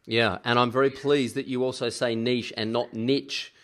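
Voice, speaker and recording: An Australian man hosts a casual interview. His voice sits at an ordinary middle pitch. He asks his questions in a friendly, chatty way. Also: steady tone, fairly quick, a bit bright. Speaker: podcast host.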